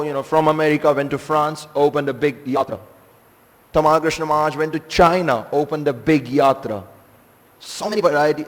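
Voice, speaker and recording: A man gives a scripture class in an animated, emphatic storytelling manner, pausing now and then for a filler. His voice sits a little high for a man. It rings out with the long reverb of a large temple hall. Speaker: guest speaker giving a scripture class.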